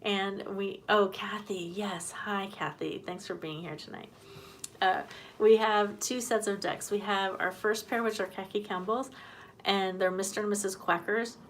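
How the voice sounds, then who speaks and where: A woman's voice: medium pitch, steady tone, measured pace, slight background noise. A woman hosting a homesteading live stream, chatting loosely, greeting viewers from the comments and laughing easily. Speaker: homesteading channel host. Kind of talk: casual live-stream chat.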